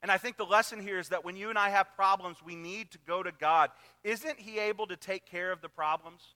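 A man preaching a sermon as pastor, animated, swinging into loud emphatic repeats and dropping to quiet asides. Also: high voice, brisk, in a large hall.

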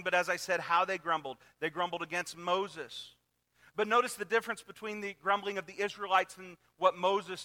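A man preaching a sermon as pastor, animated, swinging into loud emphatic repeats and dropping to quiet asides. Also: high voice, big-room sound.

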